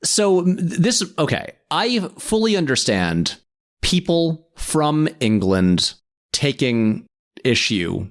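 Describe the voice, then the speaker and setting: A man's voice: fairly high pitch, very animated, slow pace. A man guesting on a podcast in casual chat, enthusiastic and stumbling over restarts.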